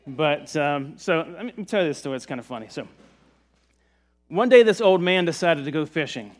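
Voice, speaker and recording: A man from the Virginia mountains preaching a sermon in a relaxed, conversational way, joking with the congregation. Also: a little high, fairly quick. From Virginia mountains, USA. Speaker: pastor. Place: church service.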